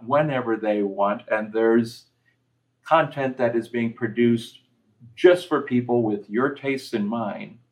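A man's voice: mid-range voice, poor audio. A man giving casual commentary on a TV episode, telling personal stories in a reflective way. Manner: reflective storyteller, personal anecdotes.

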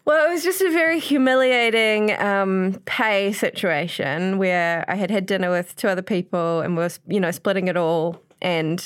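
A young woman co-hosting a casual podcast, telling stories with animated, laughing delivery. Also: medium pitch, moderate pace, hardly any pauses, clean tone. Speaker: podcast co-host. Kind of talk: casual chat.

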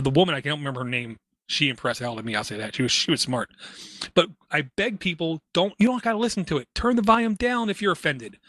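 A man's voice: on the high side, fairly bright tone, dry recording. A man hosting a casual tech podcast, talking in an opinionated, rambling way with many asides. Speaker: podcast host. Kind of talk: casual tech news chat.

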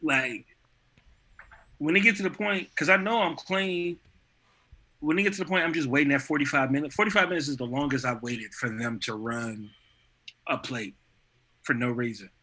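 A young man talks casually with friends in a sharp, very bright voice that sits a little high. He talks expressively and laughs easily as he tells his own stories. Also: moderate pace, long pauses. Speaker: friend in conversation. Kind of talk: casual chat.

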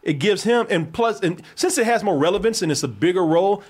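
A man hosting a podcast, chatting casually about a movie, animated and profane, laughing often. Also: sits high, brisk, breathy edge. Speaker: podcast host. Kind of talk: casual movie review chat.

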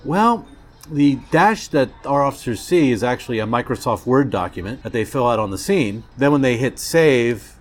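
A man being interviewed as a criminologist in a diner, explaining things in an animated way and acting out little back-and-forth exchanges. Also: mid-range voice, moderate pace, few pauses. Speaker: criminologist guest. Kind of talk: casual interview.

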